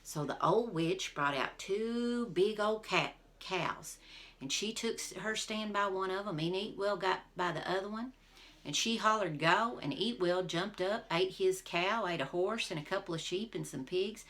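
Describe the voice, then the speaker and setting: A woman teacher reading a folk tale aloud to her class, expressive and talking to the listeners directly. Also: lowish voice, normal speed. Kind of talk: storybook read-aloud for a class.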